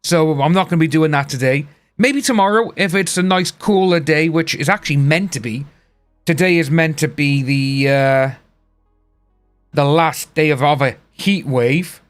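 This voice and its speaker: Male streamer, casual rambling chat, slightly high voice, soft music underneath. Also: normal speed. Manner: rambling, chatty, reads out chat names. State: hiccups. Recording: faint music behind.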